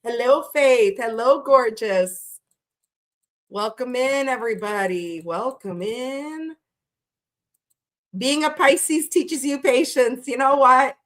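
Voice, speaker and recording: During a casual livestream chat, a tarot reader greets viewers by name and swears without holding back. She speaks slowly in a voice that sits high, with a fairly bright tone.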